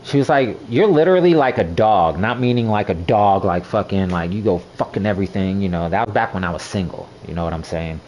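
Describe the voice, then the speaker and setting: A man's voice: low-pitched, quick pace, hardly any pauses, a little hiss or hum. A young man streaming a game, telling rambling, profane stories in casual chat. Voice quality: rambling, profane, animated storytelling. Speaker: gaming streamer. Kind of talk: casual chat while gaming.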